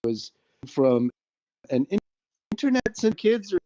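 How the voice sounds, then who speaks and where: A man, a guest on an online stream, talking in halting, broken-up fragments over a connection that keeps dropping. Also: high voice, sing-song, mellow, no echo. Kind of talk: casual conversation. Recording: muffled, dropping internet audio.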